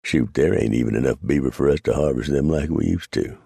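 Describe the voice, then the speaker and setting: Preacher, a man doing a gravelly mountain man. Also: rumbling low, dark tone, no echo, studio quality, heavily acted. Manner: frontier drawl, unhurried. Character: grizzled male mountain man, calm and dry-humored.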